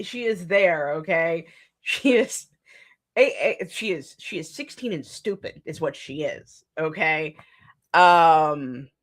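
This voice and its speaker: A young woman hosting a live writing stream, chatting casually, laughing often and restarting her sentences as she goes. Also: fairly low pitch.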